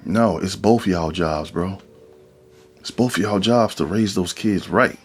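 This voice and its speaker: A man hosting a podcast in a casual, animated monologue, preaching about relationships and acting out quoted voices. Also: low-pitched, slow pace, husky, soft background music. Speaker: podcast host.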